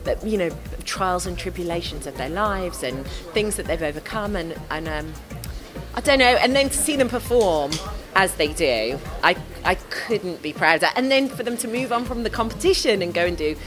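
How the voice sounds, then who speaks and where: Hoarse lady gushing in an interview, kinda low voice, music playing under. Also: lively intonation, normal speed. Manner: chatty and effusive, many restarts and fillers. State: hoarse, has lost her voice. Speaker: TV dance show host, interview guest. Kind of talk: casual interview answers.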